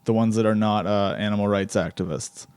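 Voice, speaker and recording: A man's voice: on the low side, fairly even intonation, fairly quick, a little mellow, smooth. A man hosting an improvised comedy podcast interview, rambling and stammering, often cracking up. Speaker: podcast host.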